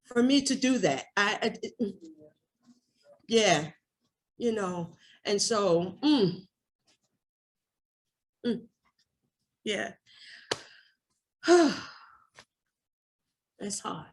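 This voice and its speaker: A woman's voice: mid-range voice, lively intonation, slow, pauses often. A woman giving an emotional personal share at a recovery workshop, raw and candid, cursing freely and repeating herself.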